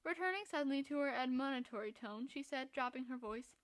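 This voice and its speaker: High-voiced woman reading a classic novel. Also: no room sound. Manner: steady, measured storytelling. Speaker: podcast reader. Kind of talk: audiobook narration of a classic novel.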